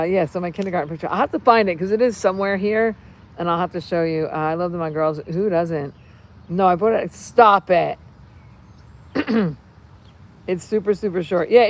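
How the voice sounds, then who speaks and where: A woman in her fifties hosting a casual livestream, reading viewer comments in a rambling, excitable way with many fillers and restarts. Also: medium pitch, a little hiss or hum. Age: 50s. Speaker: livestream host.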